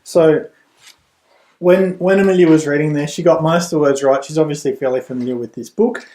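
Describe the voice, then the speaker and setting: A middle-aged man, a reading tutor and parent, explaining at home in a relaxed way with a few restarts. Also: fairly high pitch, a little fast. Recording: roomy echo.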